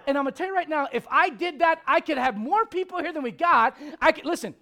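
High-voiced, fiery male pastor preaching. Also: quick pace. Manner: impassioned, swinging from loud outbursts to hushed intensity; blunt and confrontational. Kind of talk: sermon.

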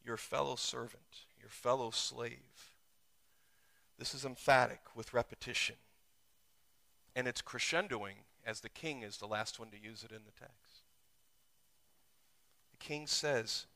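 Bright-voiced man preaching with rising intensity. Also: steady tone, measured pace, vocal fry, pauses often. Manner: preaching with sudden surges in pitch and volume. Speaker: pastor. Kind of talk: sermon. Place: church.

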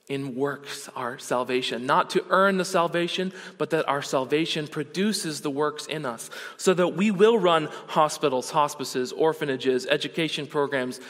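A man's voice: fairly high pitch, fairly bright tone. Earnest man preaching in a reverberant hall. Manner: earnest preaching with rising rhetorical questions. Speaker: pastor. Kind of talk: sermon.

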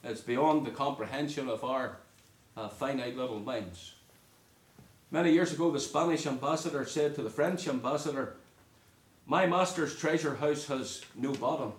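A man from the United Kingdom preaching a sermon, earnest and emphatic, with pauses between phrases. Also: mid-range voice, roomy sound.

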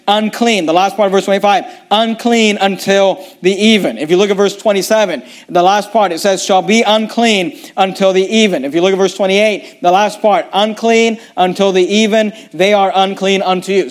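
A man preaching a Bible lesson, reading verses aloud and explaining them, often stumbling and restarting. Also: sits high. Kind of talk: bible teaching sermon.

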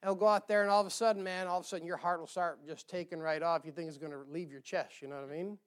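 A man's voice: on the high side, steady tone, very fast, clean tone. A man preaching a sermon in a folksy, emphatic way, with joking asides.

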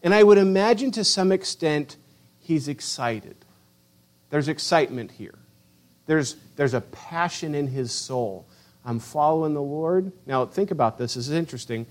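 A middle-aged male pastor delivers a passionate sermon in a slightly high voice with lively intonation and a moderate pace. He acts out quoted voices and swings between loud declarations and hushed asides.

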